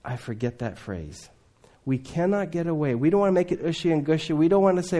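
A man preaching a sermon, swinging between loud emphatic lines and hushed, low asides. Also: lively intonation, fairly quick.

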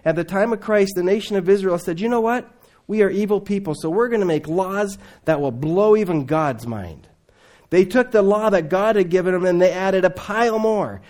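A man preaching a sermon, swinging between loud emphatic lines and hushed, low asides.

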